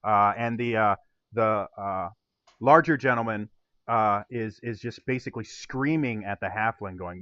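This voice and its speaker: A man's voice: on the low side, measured pace, a bit bright, no room sound, lo-fi sound. A young man narrating a tabletop game as game master, with a rambling delivery full of fillers.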